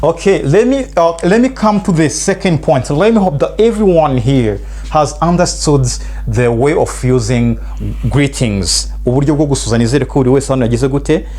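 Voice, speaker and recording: A man's voice: a little high, animated, moderate pace, a little mellow. A man with a Rwandan accent teaching an English lesson, switching between two languages and repeating phrases for students to drill.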